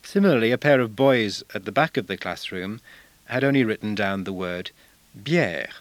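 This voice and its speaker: Measured man teaching, dry close sound. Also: fairly low pitch, a bit bright, no echo. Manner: measured, explanatory, sings short examples. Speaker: language teacher. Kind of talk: instructional talk on teaching with songs.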